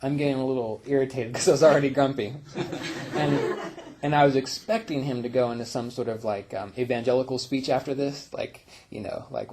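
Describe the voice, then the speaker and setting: A man teaching meditation tells personal stories in a loose, reflective way. He leans on fillers and soft laughs. His voice is mellow, slightly husky, and sits at a middle pitch. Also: fairly even intonation, quick pace. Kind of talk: casual spiritual talk.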